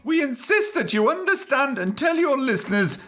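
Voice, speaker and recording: A man's voice: very high voice, big pitch swings, moderate pace, pushed and bright, faint music behind, pitched above the performer's own voice, exaggerated voice. A man doing a stiff pompous solicitor. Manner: formal, stiff, mock-official. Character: pompous male solicitor reading a legal letter. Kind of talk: comedy sketch reading.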